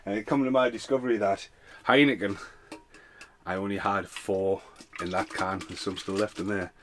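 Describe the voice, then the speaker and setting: A man's voice: on the low side, fairly even intonation, moderate pace, slight background noise. A man ranting casually as a film reviewer, chatty and loose, swearing freely, a little tipsy. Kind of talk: casual rambling rant.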